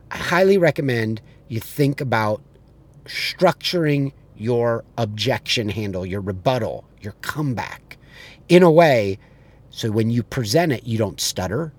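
A man with a blunt, profane way of talking, acting out the people in his story and then giving sales advice as a business coach. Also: medium pitch. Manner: animated storyteller who acts out the people he quotes.

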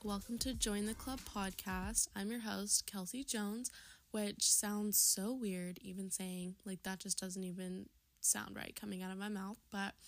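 Young woman in her 20s rambling earnestly on her podcast, mid pitch. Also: creaky. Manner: earnest, chatty, many fillers. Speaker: podcast host. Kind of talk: casual podcast monologue.

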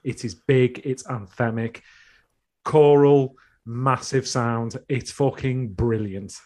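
A man's voice: medium pitch, fairly even intonation, slow, darkish tone. A man co-hosting a music podcast, chatting casually in a dry, opinionated, sweary way. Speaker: podcast co-host.

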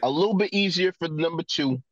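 A man co-hosting a podcast in casual chat, halting and filling his pauses with "uh". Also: fairly high pitch, no room sound. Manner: halting, full of fillers. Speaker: podcast co-host. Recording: dull, dry remote audio.

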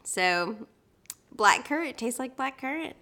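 A woman's voice: high voice, lively intonation, unhurried, sharp tone. A woman co-hosting a podcast in casual chat, talking animatedly and restarting her sentences. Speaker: podcast co-host.

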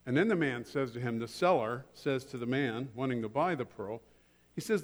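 A man's voice: mid-range voice, fairly quick, in a large hall. A man preaching a sermon as pastor, acting out a story with different voices for the characters. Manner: acts out a dialogue between buyer and seller, shifting voices.

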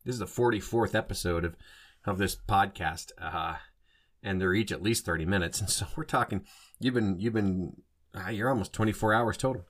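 A man's voice: fairly low pitch, moderate pace, fairly bright tone. A man hosting a solo podcast in a casual monologue, rambling and often stopping to rephrase and correct himself. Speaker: podcast host.

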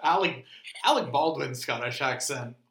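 A man co-hosting a relaxed podcast, telling animated stories with quick mock impressions. His voice is bright and forward. The room adds a noticeable echo. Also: mid-range voice. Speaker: podcast co-host. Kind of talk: casual chat.

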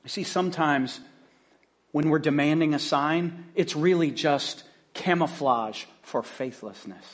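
A man pastor preaching a conversational sermon, telling the story in an animated, casual way. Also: on the high side, measured pace.

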